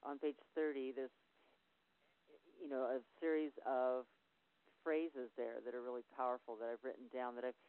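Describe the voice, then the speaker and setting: Man explaining on a tinny line. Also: mid-range voice. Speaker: sport psychology consultant. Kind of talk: instructional talk. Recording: tinny phone-like audio.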